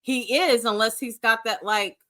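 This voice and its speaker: An older woman co-hosts a relaxed chat, laughing often and chiming in with quick yeahs. Her voice is slightly high and bright, with a crisp edge. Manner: chatty, laughs easily, backs up her co-host with quick agreement. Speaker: podcast co-host. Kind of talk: casual chat.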